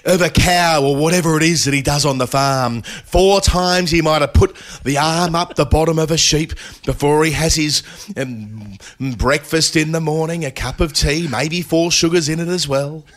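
A man's voice: on the high side, normal speed, hardly any pauses, voice pushed up, close to an everyday voice. A man doing a comic impression of a cricket commentator, wry and mocking with rambling asides. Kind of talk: comic impression in a podcast chat.

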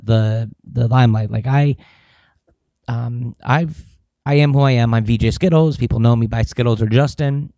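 A man's voice: mid-range voice, mellow, no echo, muffled recording. A man talking casually in a personal vlog, rambling with lots of fillers and swearing. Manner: rambling, profane, with many fillers. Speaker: vlogger.

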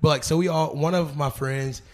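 A man's voice: on the high side, steady tone, fairly quick. Young man telling stories in casual slang. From Arkansas. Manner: loose, storytelling, heavy slang and fillers. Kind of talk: casual chat. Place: living room couch.

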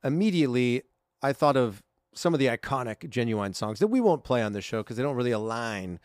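A man's voice: medium pitch, very animated, fairly quick, dry recording, studio quality. Chatty upbeat man co-hosting a podcast. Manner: chatty and upbeat, with frequent fillers. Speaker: podcast co-host. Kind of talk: casual chat.

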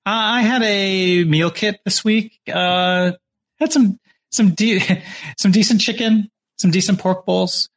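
A man co-hosting a casual chat, telling stories in a rambling, halting way. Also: high-pitched. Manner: rambling, halting, full of restarts. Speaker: podcast co-host.

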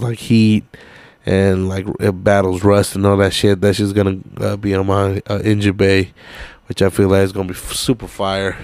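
A sleepy man in his late twenties rambles through his solo podcast in relaxed, profane slang, full of fillers. His voice sits fairly low and comes across smooth and clean. The sound is dry and close to the mic. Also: no echo. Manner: laid-back, profane street slang with many fillers. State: sleepy and tired late at night. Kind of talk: casual rambling podcast chat.

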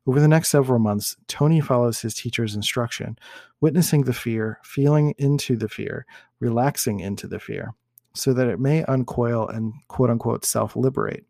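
Man, reading aloud, measured delivery, gravelly voice, dry close recording. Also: mid-range voice, warm tone, no room sound. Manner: measured, with occasional restarts and self-corrections. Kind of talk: reading a book aloud with commentary.

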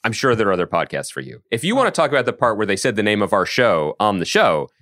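A man's voice: on the low side, big pitch swings, fast talker, fairly bright tone, no room sound, studio quality. A man co-hosting a podcast from another line, bantering in a wry, playful way. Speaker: podcast co-host. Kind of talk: casual podcast chat.

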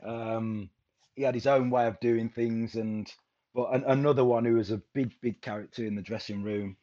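A man's voice: medium pitch, steady tone, normal speed, dark tone. A man, a former footballer, reminiscing casually in a rambling way with many restarts. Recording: dull lo-fi sound.

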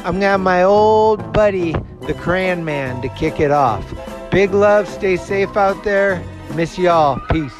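A man telling a story in a casual monologue as a show host. He is animated, acts out the other people's lines, swears freely and laughs at himself. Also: high-pitched, unhurried, over music.

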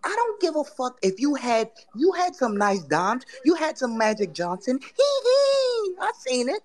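A woman hosting a sports podcast, ranting in casual talk with profane, taunting trash talk that swings between loud jabs and low mutters. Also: very animated, moderate pace. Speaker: podcast host.

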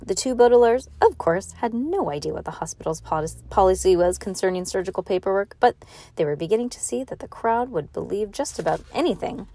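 Her mid-range voice is mellow and a little fast, with lively intonation, as she reads a novel to her child in a relaxed, homey manner. Now and then she stumbles and starts a line over, laughing and adding comments between passages.

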